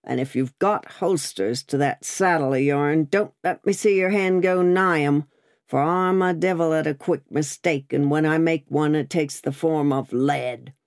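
A woman voicing a gruff, suspicious male coach guard who barks threats and challenges, in an audiobook. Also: low voice, a little slow, darkish tone. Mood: threatening. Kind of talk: audiobook character voice.

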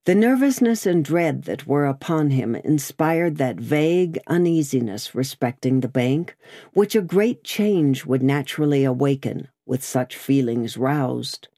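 A woman narrating an audiobook in an expressive storytelling style. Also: extremely low pitch, a little slow, dry recording, studio quality. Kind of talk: scripted narration.

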